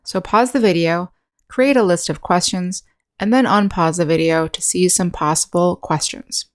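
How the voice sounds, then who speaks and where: Patient American woman teaching English. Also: on the low side. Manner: clear, patient, demonstrates sounds slowly. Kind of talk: scripted online lesson narration.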